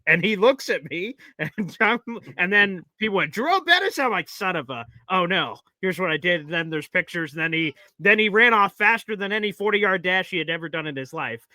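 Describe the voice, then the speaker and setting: Bright, high-voiced male co-host. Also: moderate pace, hardly any pauses, dry recording. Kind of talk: casual chat.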